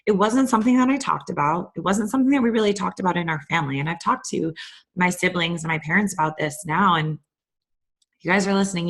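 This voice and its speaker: A young adult woman with a fairly low, husky voice hosts a self-help talk. She speaks candidly and conversationally, bringing animated retellings into the discussion.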